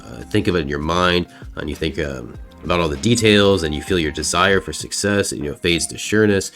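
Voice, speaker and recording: A man with an extremely deep, low voice recaps a comic book in loose, rambling narration. He talks casually, full of fillers and the odd swear word, with faint music underneath. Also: a bit bright.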